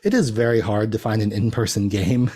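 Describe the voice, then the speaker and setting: A man talks as a guest on a podcast, his voice sitting low with a mellow, dark tone. He rambles easily through casual conversation, often laughing at himself. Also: fairly quick, husky. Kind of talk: casual chat.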